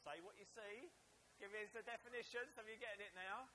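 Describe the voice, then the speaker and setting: A man's voice: sits high, fairly quick, slight background noise, low-quality recording. A man from Essex with an Essex accent, preaching a playful sermon and jokingly quizzing his congregation. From Essex, England. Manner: jokey, animated, teasing the congregation. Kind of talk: playful sermon with audience quiz.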